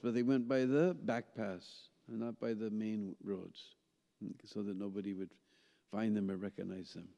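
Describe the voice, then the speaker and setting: Guy telling a story at a seminar, keeps going "hmm?", mellow voice, big echoey hall. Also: medium pitch. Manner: animated storyteller, frequent "hmm?" and "huh?" checks to listeners. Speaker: seminar speaker. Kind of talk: storytelling lecture. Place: temple hall. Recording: dull sound with long hall reverb.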